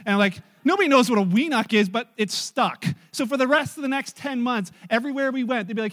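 High-voiced man preaching with animated asides. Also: quick pace, few pauses. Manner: animated, storytelling with acted quotes and audience asides. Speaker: pastor. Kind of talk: sermon.

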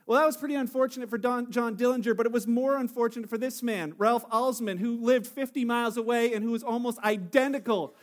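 A man's voice: very high voice, fast, hardly any pauses. A man giving a chatty sermon full of jokes and stories, with many fillers and restarts, from Canada. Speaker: pastor.

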